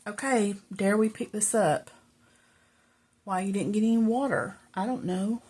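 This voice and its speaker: Her voice is mid-range, unhurried, a little mellow and slightly rough. She's a middle-aged crafting vlogger making casual, rambling conversation with viewers indoors in her home craft room, out of breath and talking to herself as she crafts.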